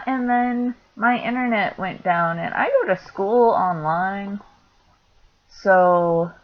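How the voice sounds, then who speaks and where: A young woman telling a story in a casual vlog, chatty and laughing, with lots of filler words. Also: fairly low pitch. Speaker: vlogger. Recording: dull lo-fi sound with faint noise.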